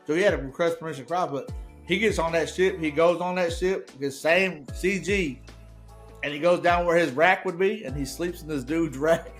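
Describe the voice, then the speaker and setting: A man's voice: a little high, moderate pace, faint music behind. A young man in casual podcast chat, telling profane anecdotes and laughing often. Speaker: podcast guest.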